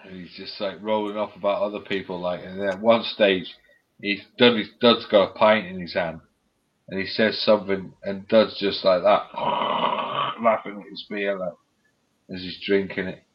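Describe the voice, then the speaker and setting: Here a man's low voice, steady in intonation and at a normal pace, retells comedy sketches on a live stream. He laughs as he goes, performs the quoted lines, and curses plenty, all over dull lo-fi audio.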